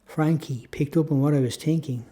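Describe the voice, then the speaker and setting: A man's voice: on the high side, fairly even intonation, moderate pace, dark tone. A man reading his own story aloud as a reflective, first-person audiobook narration.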